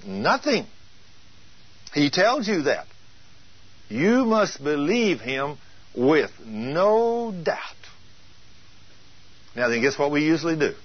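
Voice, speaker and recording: Husky preacher man, emphatic. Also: fairly high pitch, big pitch swings, slow pace, long pauses. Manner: emphatic, rhetorical questions. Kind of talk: teaching sermon. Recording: dull lo-fi recording.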